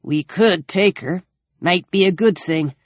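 A man's voice: high-pitched, measured pace, no room sound. A weary older man, torn and uneasy, speaking in subdued, hesitant tones, as a woman reader puts him on. Close, dry sound with no room.

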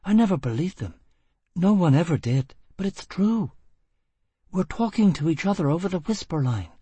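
A man voicing a hot-tempered young woman prisoner who talks in quick, excited bursts. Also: sits high, breathy edge, no room sound, voice pushed up. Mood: urgent, excited.

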